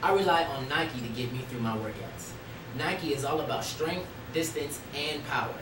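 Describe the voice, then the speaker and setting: A man's voice: a little high, normal speed. A man reads ad copy aloud in a stiff, recited manner. He is heard from a distance in an echoey studio. Noise hangs in the background. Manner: reading an ad script stiffly.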